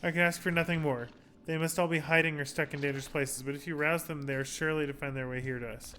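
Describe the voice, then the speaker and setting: A man reading aloud as a friendly old flea who leads a caravan, in quaint broken phrasing and a hushed voice. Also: a little high, fairly even intonation, fast talker, a little hiss or hum. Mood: warm, welcoming.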